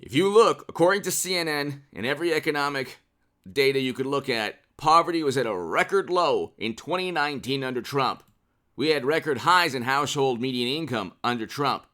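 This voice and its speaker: A man's voice: on the high side, expressive, fairly quick, pushed and bright. A man hosting his own political commentary channel, reading out headlines and mocking them in a sarcastic, off-the-cuff way.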